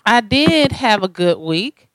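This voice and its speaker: A woman co-hosting a podcast, telling a profane story with lively acted-out quotes. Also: fairly high pitch, slow pace, no echo, studio quality. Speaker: podcast co-host. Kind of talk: casual storytelling chat.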